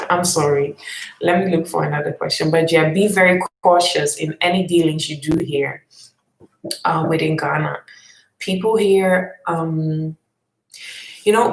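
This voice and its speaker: Woman, casual live chat, low-pitched, gravelly, echoey room, hesitant with fillers. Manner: thoughtful, hesitant, many fillers. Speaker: vlog host answering live chat questions.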